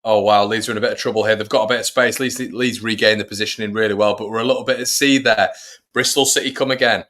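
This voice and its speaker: Male fan host, low voice, chatty live match commentary to viewers. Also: fairly even intonation, fast, a bit bright. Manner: chatty, addresses viewers as everybody. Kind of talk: live watch-along commentary.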